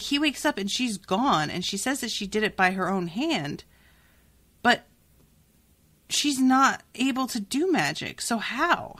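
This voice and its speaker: Lively, exasperated woman podcaster. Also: medium pitch. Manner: animated, exasperated, swears freely. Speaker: podcast host. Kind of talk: casual book reaction chat.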